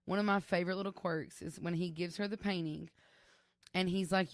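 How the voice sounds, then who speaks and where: A woman's voice: on the low side, fairly even intonation, a little fast, no room sound, clean studio sound. Chatty woman telling stories. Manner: chatty storyteller, acts out quoted voices. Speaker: podcast co-host. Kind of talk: casual chat.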